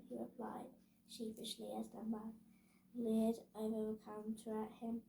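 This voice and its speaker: Slow, careful woman reading a storybook. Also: a little high, level tone, creaky, warm tone, slight background noise. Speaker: story reader. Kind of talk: reading a children's book aloud. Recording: echoey room.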